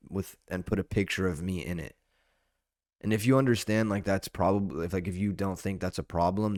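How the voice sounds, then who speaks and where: A man's voice: deep voice, dry recording, studio quality. A young adult man hosting a solo podcast, rambling casually and swearing, saying "dude" constantly. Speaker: podcast host. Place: indoor podcast setup under lights.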